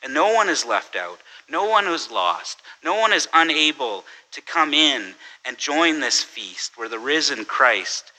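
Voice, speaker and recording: A man with a very bright, forceful voice delivers a sermon in a relaxed, chatty manner. He repeats words, corrects himself mid-sentence and keeps asking the listeners "right?". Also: a little high, a little slow, hardly any pauses, rough recording. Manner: conversational, self-correcting, tells jokes with quoted voices. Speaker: pastor. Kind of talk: sermon with humorous story.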